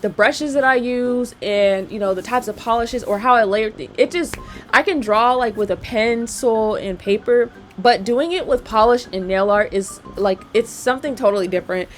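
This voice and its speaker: A woman's voice: on the high side, moderate pace, soft background music. A woman nail technician chatting casually while working, slangy and checking in with her viewers. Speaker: nail technician and channel host. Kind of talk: casual chat while doing nails.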